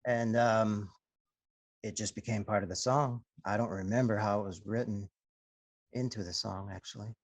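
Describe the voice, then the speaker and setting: Male rock musician, low-key and soft, dry close recording. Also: steady tone, normal speed, no echo, dull audio. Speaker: rock band member. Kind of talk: casual interview chat.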